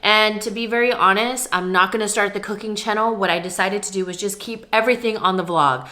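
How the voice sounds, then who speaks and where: A young woman chats to her camera at home in a relaxed vlog. She talks candidly and easily, pausing now and then for a bite of food. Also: mid-range voice. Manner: chatty, candid, talks between bites of food. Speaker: vlogger. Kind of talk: casual vlog chat while eating. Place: at home, indoors.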